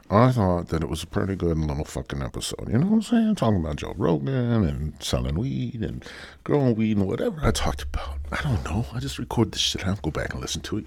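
Brief: deep-voiced male podcast host, husky, loose and profane, riffing solo. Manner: rambling, profane, joking. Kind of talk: casual solo podcast monologue.

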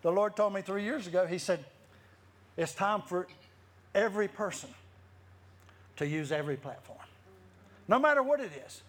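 A man's voice: high-pitched, expressive, normal speed, pauses often. A man preaching a sermon, telling stories with many restarts and frequent laughter. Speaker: guest preacher. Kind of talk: lively sermon storytelling.

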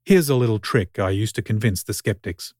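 A man voicing God in a vending machine, low and lordly. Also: fairly quick, a little mellow, no room sound, close to an everyday voice. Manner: dry, impatient, lordly. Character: God speaking through an old male vending machine, sardonic.

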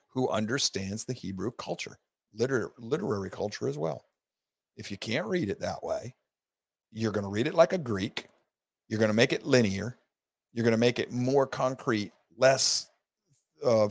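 A man's voice: medium pitch, no echo. A man teaching a recorded Bible study class, talking emphatically and stressing his points, often restarting mid-word.

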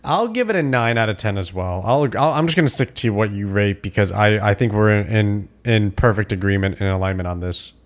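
A man co-hosting a casual film review chat, animated and quick to agree, with casual swearing. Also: on the low side. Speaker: podcast co-host.

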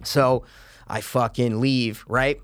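A man telling a long story in casual chat, animated and swearing freely, acting out what others said. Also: medium pitch, slow pace, a little hiss or hum.

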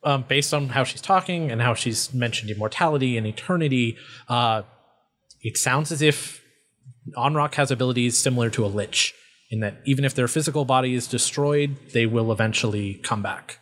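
A man runs a tabletop game, narrating scenes and answering rules questions in a middle-pitched voice. He talks casually, restarting his sentences as he explains. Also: normal speed, a bit bright. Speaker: game master.

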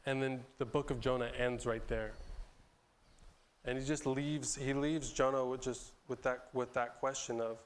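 A man giving a sermon in an easygoing, conversational way, stumbling back over his words and pausing to clear his throat. His voice is smooth and resonant, sitting at an ordinary middle pitch. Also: fairly even intonation. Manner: loose and conversational, with frequent restarts and repeated words; clears his throat often between phrases. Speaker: pastor. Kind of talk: sermon retelling a Bible story.

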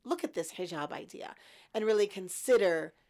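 A woman in her fifties recounting her story as an interview guest, reflective and lively when quoting her past thoughts. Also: mid-range voice, normal speed. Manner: reflective, animated in quoted thoughts.

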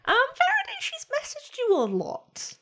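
A woman narrating as game master of a tabletop game, chatty and expressive. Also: very high-pitched, measured pace.

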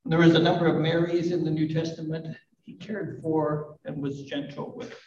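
A man in his fifties or older preaching a live sermon, gentle and reflective, with light self-deprecating humor. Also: fairly high pitch, flat delivery, moderate pace, a little hiss or hum. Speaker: pastor. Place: church hall at a live service. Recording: roomy, distant, dull live recording.

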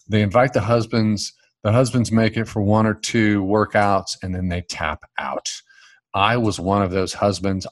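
A low-voiced man hosts a casual interview. His mic sounds close and dry. He is friendly and often trips over his own questions before landing them. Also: no echo. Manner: friendly, stumbling restarts. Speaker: podcast host.

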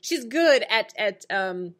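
A woman in casual chat, quickly retelling a TV episode's plot and picking at its logic. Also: mid-range voice, animated.

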